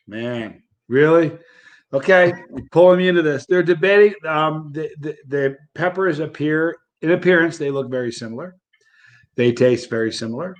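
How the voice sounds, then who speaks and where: A man speaking as a guest in a casual interview, relaxed and conversational, often restarting sentences. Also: on the high side, normal speed. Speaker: interview guest, hot-sauce eater.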